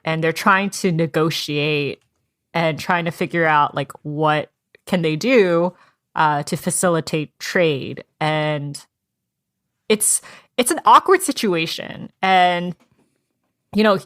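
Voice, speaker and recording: Lowish-voiced woman chatting about a book. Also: slow, no room sound, studio quality. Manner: animated, acts out characters' lines in quotes. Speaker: podcast co-host. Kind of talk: casual book club chat.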